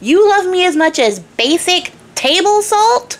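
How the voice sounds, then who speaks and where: A woman's voice: on the high side, very animated, normal speed. A woman voicing a proud, hot-tempered old king who curses in indignant outbursts while telling a fairy tale. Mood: outraged. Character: blustering proud old king, quick to rage.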